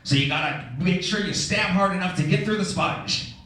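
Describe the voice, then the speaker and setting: A man's voice: sits high, moderate pace, sharp tone. A man voicing an exasperated, grumpy male squid neighbor in improv comedy, weary and placating. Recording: echoey room, distant mic, hiss.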